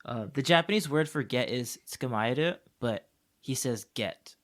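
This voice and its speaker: A man's voice: medium pitch, lively intonation, moderate pace. A man co-hosting a podcast in casual chat, telling rambling stories with lots of fillers. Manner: chatty storyteller, rambling with fillers. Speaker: podcast co-host. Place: Tokyo.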